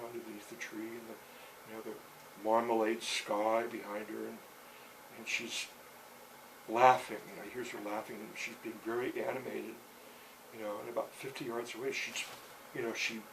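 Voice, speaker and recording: A man's voice: fairly low pitch, little pitch movement, moderate pace, vocal fry, fairly bright tone, far from the mic, poor audio. A man telling a rambling story in casual speech, filling it with "you know" and restarts. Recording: voice set back from the mic, faint background hiss.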